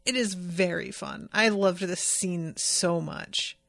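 A woman hosting a podcast recaps a TV episode in casual chat, enthusiastic and swearing plenty, and reads out listener comments. Her fairly low voice is creaky and a bit bright, and she speaks slowly. There's no room sound.

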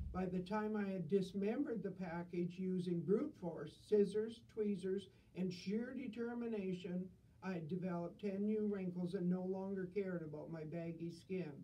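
A woman's voice: fairly low pitch, warm tone, distant mic, low-quality recording. An older woman reading humorous stories with dry, self-deprecating wit.

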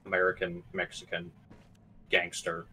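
Casual, swearing man with a bright voice. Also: low-pitched, completely flat delivery, normal speed, rough recording. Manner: casual, swears freely, hesitant fillers. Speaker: gamer. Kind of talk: casual chat while playing a co-op game.

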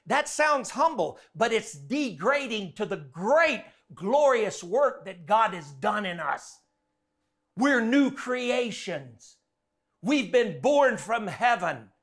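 A man preaching a sermon in an animated way, often acting out the voices in his stories. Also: extremely high pitch, a little slow. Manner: animated, acts out quotes.

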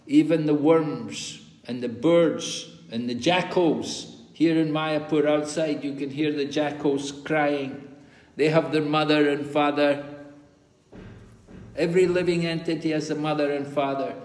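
A man's voice: fairly high pitch, fairly even intonation, a little slow, darkish tone. Man lecturing in an echoing hall. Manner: patient, explanatory, repeats key points with rhetorical questions. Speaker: spiritual teacher giving a course class. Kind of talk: scripture study lecture. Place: large hall at a pilgrimage site in India. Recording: reverberant hall sound.

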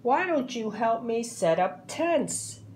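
A woman voicing a kind, helpful female elephant in a slow read-aloud picture book. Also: on the high side, very animated, darkish tone, a little hiss or hum, exaggerated voice.

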